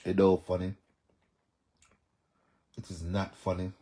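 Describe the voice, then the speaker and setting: Jamaican man, young adult, low voice, animated livestream chat, talks back to viewer comments. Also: slow, slight background noise. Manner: animated, reads out viewer comments and answers them. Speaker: live stream host. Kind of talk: casual live stream chat.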